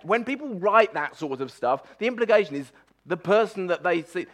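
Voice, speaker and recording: Male preacher, slightly high voice, emphatic conversational sermon, restarts and repeated words. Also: expressive, a little fast. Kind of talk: conversational sermon on a Bible passage.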